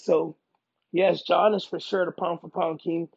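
Gravelly, husky-voiced fighter talking up. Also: male voice, on the high side, unhurried, muffled recording. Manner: animated, emphatic, repeats himself. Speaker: MMA fighter. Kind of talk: casual interview.

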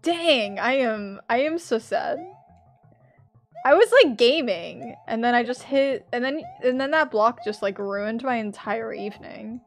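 A woman streaming a platform game, chatting with her viewers, laughing a lot and yelling loudly when she fails. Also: fairly high pitch, unhurried, hardly any pauses, faint music behind. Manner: chatty, laughs often, bursts into loud yells at failures. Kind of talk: casual live-stream commentary.

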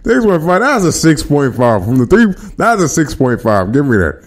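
A man's voice: mid-range voice, brisk, few pauses. A man hosting a podcast livestream, chatting casually with his viewers in slang. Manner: animated, slangy, talks to chat. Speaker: podcast host.

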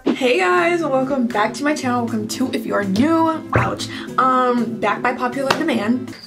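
Chatty young woman, bubbly, giggly, fairly high voice, casual vlog, music behind. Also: lively intonation, moderate pace. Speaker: YouTuber. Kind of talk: casual vlog, reading AI chat aloud.

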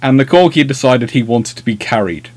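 A man's voice: mid-range voice, animated, a little fast. Chatty man rambling through anecdotes. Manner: chatty, rambling anecdotes, self-deprecating humour. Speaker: host of a naval history livestream. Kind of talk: casual livestream chat.

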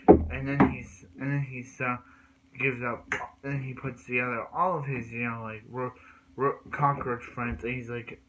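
A man's voice: mid-range voice, steady tone, measured pace, fairly bright tone, highs cut off, a little hiss or hum. A man recapping cartoon episodes in a rambling way, with many restarts and repeated words. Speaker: cartoon reviewer.

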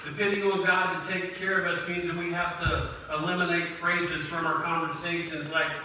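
A pastor preaching a sermon, who slows down to stress the scripture he quotes and keeps returning to the refrains "this morning" and "church.". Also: on the high side, little pitch movement, sharp tone, heavy reverb, distant mic, slight background noise, rough recording. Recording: phone livestream from a church sanctuary.

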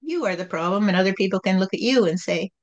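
A woman channeling God as a calm, patient spirit, speaking in a gentle, repetitive teaching tone. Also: mid-range voice, fast talker, dull audio, natural voice.

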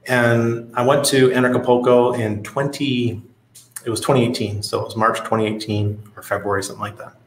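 A man's voice: mid-range voice, level tone, brisk, roomy sound, a little hiss or hum, low-quality recording. A man hosting a casual livestream, reading out viewer comments and telling stories in a blunt, profane way. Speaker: crypto livestream host.

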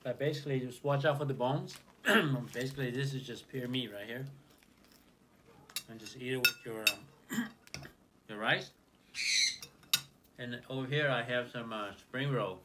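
A man hosting a casual food vlog, talking in a relaxed, chatty way with lots of fillers while he eats. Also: medium pitch, a little slow, pauses often, noisy background. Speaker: channel host.

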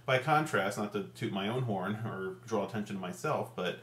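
Casual vlogger: a hesitant man with a Central Ohio accent and a bright edge, recorded on a computer mic in a roomy room. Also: lowish voice, animated, moderate pace, faint music behind. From Ohio, USA. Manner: hesitant, rambling, many fillers. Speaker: video blogger. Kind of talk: casual rambling vlog. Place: room at home in front of computer.

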